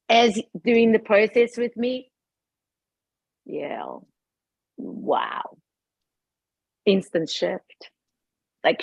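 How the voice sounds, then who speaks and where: A woman shares a personal story on a group call, lively and quick to laugh as she acts out what went through her head. Her voice is husky and sits at a middle pitch. The sound is dry and close, with no room around it. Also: no echo. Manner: animated, laughs often, acts out her own past thoughts. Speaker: participant sharing a testimony on a group call. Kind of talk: casual emotional storytelling.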